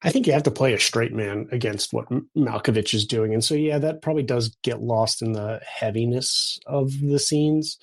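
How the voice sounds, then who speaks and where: A man of middle pitch on a casual movie podcast. He tells his stories with jumps of animation and laughs often. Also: normal speed, hardly any pauses. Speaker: podcast co-host.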